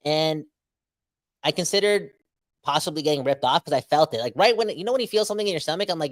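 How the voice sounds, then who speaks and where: A man in his thirties co-hosting a sports podcast, given to excitable, exaggerated ranting. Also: on the high side, fast, no room sound. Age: 30s. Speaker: podcast co-host. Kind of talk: emotional sports podcast chat.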